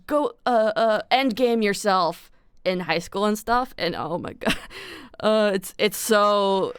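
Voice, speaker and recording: A woman's voice: medium pitch, fairly bright tone, clean tone, dry recording. A young adult woman live streaming, chatting candidly and confessionally to her viewers in slangy, casual talk on a close desk mic. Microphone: desk mic close to the mouth.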